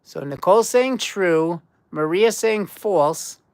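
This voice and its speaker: A woman's voice: fairly low pitch, lively intonation, slow pace, darkish tone, clear, resonant tone. Chatty woman hosting a live trivia quiz. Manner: chatty, repeats herself, addresses viewers as guys. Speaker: livestream trivia quiz host. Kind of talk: casual live-stream chat.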